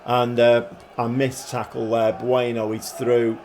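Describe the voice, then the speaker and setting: A gaming YouTuber gives casual, chatty play-by-play of his football management game, with dry humour, swinging between glum grumbling and excited cheering. His mid-range voice moves at a slow pace over background noise.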